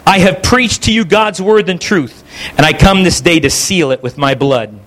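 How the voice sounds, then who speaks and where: A man preaching a sermon, voicing the prayerful last words of a steadfast male preacher who faces his death calmly and earnestly. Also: sits high, moderate pace.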